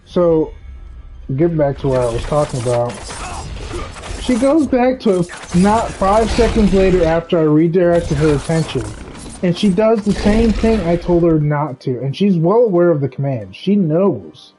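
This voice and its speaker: Male streamer, fairly high voice, rambling and ranting casually while gaming. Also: expressive, normal speed, dark tone, faint music behind, low-quality recording.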